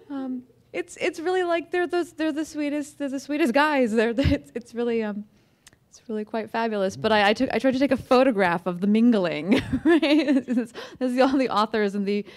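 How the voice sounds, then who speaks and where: American woman author chatting to a crowd, kinda high voice, lots of ums and restarts. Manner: chatty, self-deprecating, many fillers and restarts. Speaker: author giving a talk. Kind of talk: casual talk to an audience. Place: museum event room.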